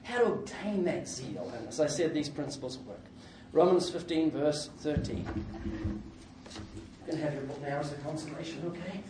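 A man preaching a sermon with lots of jokes and his own laughter, breaking into sudden loud outbursts. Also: on the high side, animated, normal speed. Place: church hall. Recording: echoey hall, distant mic, faint noise.

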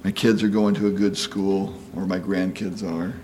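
A man's voice: low voice, level tone, normal speed, warm tone, slight background noise. A man in his sixties giving a conversational sermon, folksy and chatty, often asking "you know?" and acting out quoted voices. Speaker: preacher.

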